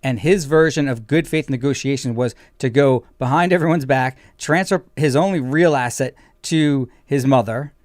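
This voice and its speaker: A man's voice: fairly high pitch, clear, resonant tone, no echo, studio quality. A man hosting a legal commentary show as an attorney, explaining emphatically.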